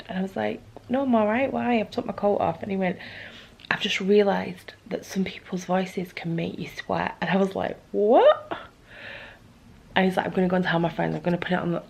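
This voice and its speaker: A young woman, chatting to camera in a vlog and retelling a story in a gossipy, animated way. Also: medium pitch, vocal fry, slightly rough, poor audio. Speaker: vlogger.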